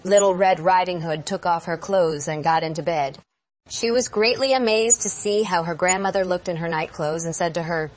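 A woman telling a fairy tale aloud in a measured, expressive way. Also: fairly low pitch. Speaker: storyteller.

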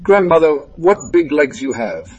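A man with a husky voice voicing an innocent little girl in a storybook reading, asking eager questions. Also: fairly high pitch, big pitch swings, unhurried, dull audio, exaggerated voice.

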